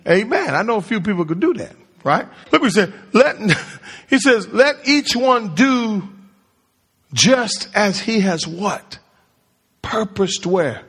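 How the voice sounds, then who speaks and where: A pastor with a high, breathy, fairly bright voice and big pitch swings preaches a little slowly to his congregation. He uses call-and-response, quizzing them as he goes, and the church sanctuary gives a long hall reverb.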